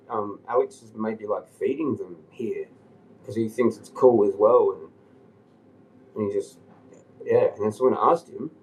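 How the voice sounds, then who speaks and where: A man's voice: mid-range voice, a little mellow, rough recording. A man on a livestream telling a long rambling story, agitated and swearing often. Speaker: live streamer.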